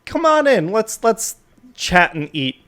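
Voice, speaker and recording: A man's voice: sits high, big pitch swings, unhurried, a bit bright, voice pushed up, heavily acted. A man voicing a weary, irritable masked lord who swears casually, in a tabletop game.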